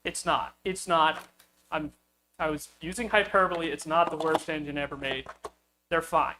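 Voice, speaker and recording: A man's voice: fairly high pitch, fairly even intonation, moderate pace, noisy background. A man hosting a car-building video, telling a story casually with lots of fillers and chuckles. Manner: rambling, with frequent fillers and chuckles.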